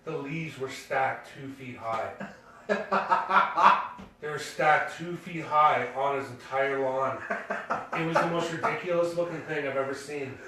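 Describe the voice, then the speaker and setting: A man's voice: on the high side, a little slow, long pauses, sharp tone. Rambling man in echoey room. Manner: rambling, full of fillers and restarts, laughing at his own story. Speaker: podcast co-host. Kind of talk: casual storytelling. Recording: echoey room, distant mic.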